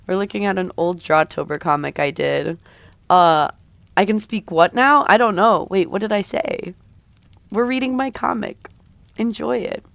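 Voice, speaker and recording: A woman's voice: medium pitch, normal speed, creaky, a bit bright, no echo. A woman streamer with a slightly raw voice, chatting casually with her viewers in a rambling, hesitant way. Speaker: streamer and artist. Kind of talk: casual live-stream chat.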